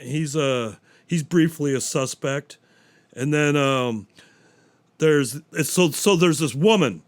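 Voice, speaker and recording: A man's voice: fairly high pitch, no echo. Rambling, profane man on a dry close mic. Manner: rambling, profane, acts out quotes. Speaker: podcast host. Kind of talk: casual solo movie talk.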